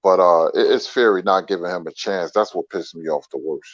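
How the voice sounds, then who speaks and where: A man's voice: low-pitched, no echo. A man calling in to a casual chat, stumbling over words and ending phrases with "man". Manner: drawn-out, says "man" often, stumbles on words. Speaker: call-in guest. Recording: dry, dull call-in line.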